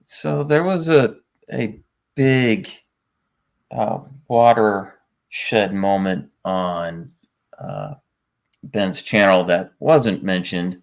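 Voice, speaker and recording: A man appearing as a guest on a casual livestream, speaking in a dry, halting way with pauses. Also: low-pitched, gravelly. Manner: dry, unhurried, halting with fillers.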